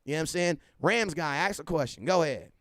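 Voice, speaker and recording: Animated man hosting a sports livestream. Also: a little high, fast, no room sound, clean studio sound. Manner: animated, repetitive, gives shout-outs to viewers. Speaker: livestream host. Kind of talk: casual sports chat.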